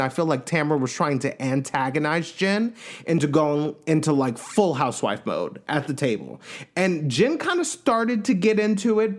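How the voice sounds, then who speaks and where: A man hosting a podcast, giving a casual, opinionated recap of a reality show and acting out quotes in changing voices. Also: on the high side.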